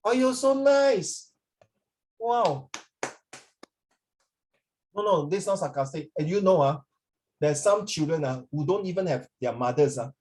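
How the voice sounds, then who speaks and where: A man's voice: fairly high pitch, a little fast, darkish tone. A man teaching an English class, rambling in a lecture, often checking in with students and slipping Mandarin phrases into his talk.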